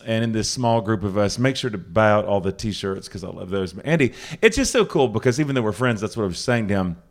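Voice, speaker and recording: In a living room house concert before a small crowd, a podcast host from Charlotte, North Carolina talks casually in a lowish voice. He rambles, cracks jokes, and cuts himself off mid-thought.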